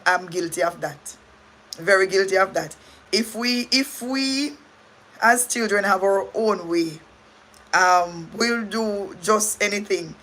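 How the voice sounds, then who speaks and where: A woman's voice: mid-range voice, sharp tone. A middle-aged Jamaican woman hosting a casual livestream chat, rambling, restarting sentences and thanking viewers. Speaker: livestream host.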